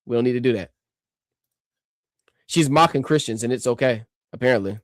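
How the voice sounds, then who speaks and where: A man's voice: medium pitch, fairly quick. A man streaming a reaction to a clip, ranting in a combative, mocking way.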